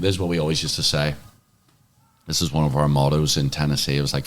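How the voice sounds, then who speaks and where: Very deep-voiced storyteller. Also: male voice, flat delivery, fast talker. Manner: chatty storyteller, many fillers. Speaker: guest, former swimmer. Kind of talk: casual interview chat.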